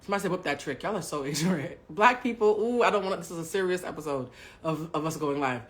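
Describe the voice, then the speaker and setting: A woman with a slightly low-pitched voice tells a personal story to her live-stream audience. She swears freely and talks straight to the chat. Her delivery swings between hushed, confiding asides and loud outbursts. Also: lively intonation, fast talker.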